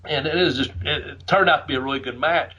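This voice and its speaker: A man's voice: a little high, quick pace, slightly rough. Profane, laughing male wrestling storyteller. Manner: profane, laughing, acts out shouted quotes. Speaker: podcast host telling wrestling stories. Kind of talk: casual storytelling. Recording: muffled lo-fi audio.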